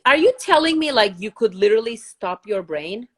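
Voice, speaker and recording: A middle-aged woman hosting a podcast, talking in a blunt, excitable, self-mocking way in casual chat. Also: a little high, brisk. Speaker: host.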